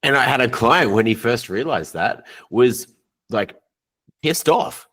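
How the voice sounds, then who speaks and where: A man's voice: medium pitch, a little slow, a bit bright, slightly rough. A man co-hosting a podcast as a coach, talking bluntly and casually with some swearing.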